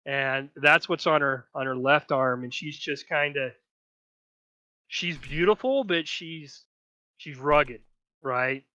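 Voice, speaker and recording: A man's voice: a little high, slow, pushed and bright. A man narrating as game master, talking in a loose, chatty way with frequent restarts. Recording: slightly dull lo-fi mic.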